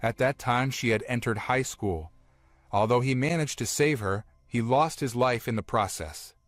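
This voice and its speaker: A man narrating a comic-book story recap in a plain, steady storytelling manner. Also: medium pitch, moderate pace, dry recording.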